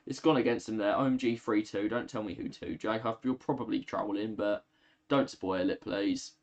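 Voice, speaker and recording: The audio is lo-fi as a weary young man provides casual football commentary on a live stream, yawning as he reacts to the match and addresses his chat. His voice sits on the lower side, and he speaks at a moderate pace.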